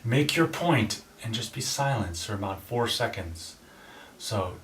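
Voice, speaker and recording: Man, casual book talk, low-ish voice, self-correcting, roomy echo, distant mic. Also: lively intonation, measured pace, a bit bright. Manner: casual, restarts sentences, demonstrates voices. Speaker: channel host. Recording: roomy echo, voice from a distance with faint ambient noise.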